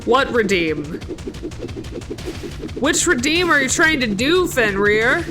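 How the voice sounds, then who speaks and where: A woman's voice: high-pitched, big pitch swings, takes it slowly, music in the background. A woman streamer chatting live with her viewers, playful and mock-dramatic, laughing often.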